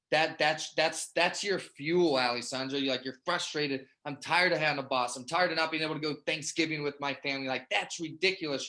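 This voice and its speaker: On the high side and sharp in tone, this male voice leads an online group call for sales testimonials. His energetic pep-talk interview overflows with praise, and he keeps tacking "man" onto the ends of phrases.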